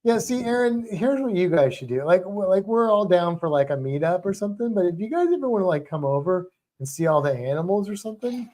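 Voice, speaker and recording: A man's voice: high-pitched, expressive, quick pace, few pauses, mellow. A man co-hosting a livestream in casual chat, rambling with lots of "like" and restarts. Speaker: livestream co-host.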